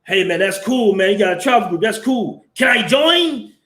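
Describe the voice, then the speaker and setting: A man mimicking an eager, tipsy white guy with an Irish-sounding brogue, talking in a high, drawn-out, over-friendly way. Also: animated, fairly bright tone, reverberant.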